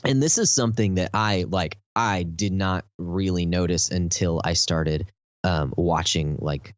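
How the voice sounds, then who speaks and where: A man with a Texan accent and a very low voice talks through a topic in loose, rambling podcast chat, full of fillers. The sound is dry and close, with a slightly dull, muffled tone. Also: a little slow, no room sound. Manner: rambling, lots of fillers, enthusiastic explaining. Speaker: podcast host.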